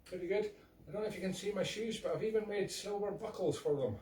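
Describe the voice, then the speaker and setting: A man's voice: high voice, quick pace, darkish tone, slight background noise. A Scottish man doing a hammy comic impression of a singer, chatting in self-mocking showman banter between songs. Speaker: comic entertainer.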